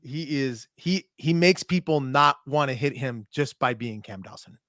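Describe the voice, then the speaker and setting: A man's voice: mid-range voice, measured pace, no room sound, studio quality. A young man from Minnesota, a point fighter guest on a podcast, telling a story in casual chat and acting out the quotes. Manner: animated storyteller, acts out quotes.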